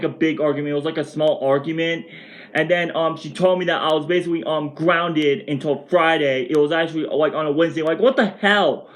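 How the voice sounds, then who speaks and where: A man in his twenties telling a rambling, excitable storytime rant at home for his vlog, restarting his sentences often. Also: on the high side. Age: 20s. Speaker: vlogger.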